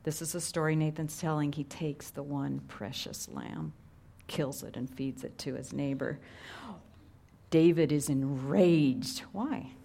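Earnest, lower-voiced middle-aged woman preacher. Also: a little slow, vocal fry. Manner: conversational, earnest, drops to hushed tones for emphasis. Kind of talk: sermon.

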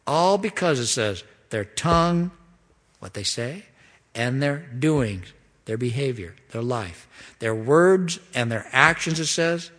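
A man preaching an expository sermon as pastor, pleading and emphatic, rising to loud questions and dropping to hushed asides. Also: mid-range voice, lively intonation, slow pace, long reverb tail.

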